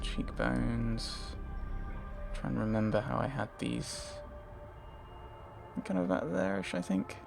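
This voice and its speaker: Gravelly man musing over a game. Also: medium pitch, expressive, takes it slowly, pauses often, over music. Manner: thinking aloud, hesitant, trailing off. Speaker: let's play host. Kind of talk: casual gameplay commentary.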